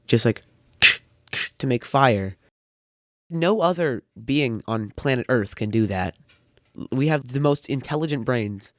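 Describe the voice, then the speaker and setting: A man's voice: medium pitch, no echo. A thirteen-year-old boy chatting casually as a podcast guest, rambling with a dry wit. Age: teens. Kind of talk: casual chat.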